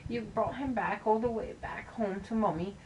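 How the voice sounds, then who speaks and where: A woman's voice: mid-range voice, moderate pace, background noise, voice pushed up, lightly acted. A woman doing a doting old shopkeeper lady. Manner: sweet, fussing, endearments. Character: kindly older shopkeeper woman, fussy and doting. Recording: game music playing under the voice.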